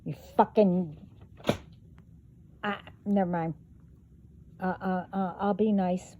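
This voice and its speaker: A woman's voice: fairly low pitch, fairly even intonation, takes it slowly, narrow, tinny audio, a little hiss or hum. A woman vlogger delivering a profane, confrontational rant straight to her viewers. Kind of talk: angry rant to camera.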